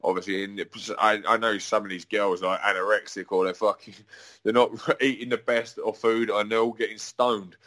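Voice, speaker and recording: A man's voice: fairly low pitch, level tone, moderate pace, fairly bright tone. A young adult man, ranting in a casual, profane way while he tells a long story full of restarts and asides. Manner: profane, rambling, with many restarts. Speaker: adult performer.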